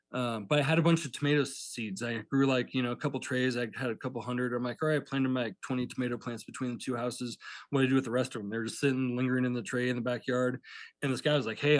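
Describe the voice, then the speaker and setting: A man chatting casually as a podcast guest, rambling and packing every sentence with fillers while he acts out old conversations. His pitch sits right in the middle for a man. The sound is dry and close, with no room around it. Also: no room sound. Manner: rambling, filler-heavy, retells with quoted dialogue. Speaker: guest, pepper farmer.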